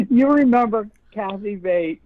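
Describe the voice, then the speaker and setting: A woman from upstate New York, a guest in a casual interview chat, talking bluntly and swearing freely as she tells stories. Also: medium pitch. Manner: blunt and profane, laughs while telling stories. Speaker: interview guest, radio host. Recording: dull, dry lo-fi podcast audio.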